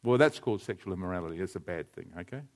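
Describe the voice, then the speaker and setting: A man preaching a sermon, telling stories and speaking to listeners by name. He drops to hushed, quiet passages and then rises to loud, shouted climaxes. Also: sits low, lively intonation, rapid-fire. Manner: addresses listeners by name, tells anecdotes.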